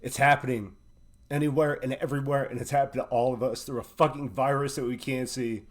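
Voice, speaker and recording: A man's voice: medium pitch, steady tone, brisk. Emotional, swearing live-stream host, man. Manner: preachy and emotional, swears often, repeats "right?". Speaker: host of a live online show. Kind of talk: impassioned live-stream monologue.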